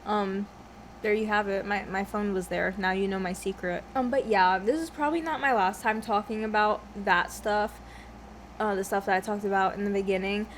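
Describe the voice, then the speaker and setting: A woman's voice: medium pitch, fairly even intonation, normal speed, a little hiss or hum. A young woman vlogging at home, chatting casually while she eats, rambling off topic, swearing often and laughing a lot. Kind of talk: casual mukbang chat.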